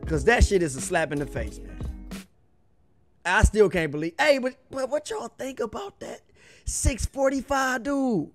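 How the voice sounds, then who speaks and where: A man's voice: very high-pitched, a little slow, fairly bright tone. A young man hosting a music reaction video, ranting casually in slang and swearing in exasperation. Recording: faint music behind the voice.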